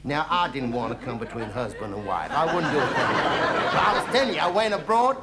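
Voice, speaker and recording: A man in character as a comedian speaks at a medium pitch, animated and fairly quick, his voice pushed down yet close to an everyday tone over a loud crowd. He plays a boastful, folksy American traveller with a put-on Southern drawl, whooping "ooh-wee" while spinning tall tales in a cheeky 1970s TV stand-up monologue, recorded in a TV studio with audience noise.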